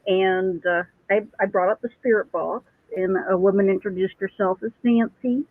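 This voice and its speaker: A woman's voice: medium pitch, steady tone, normal speed, no echo. A woman who works as a psychic medium talks casually and at length, restarting her sentences often. She comes through a thin, tinny phone line with no room sound. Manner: chatty, storytelling with many restarts and laughs. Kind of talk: casual chat.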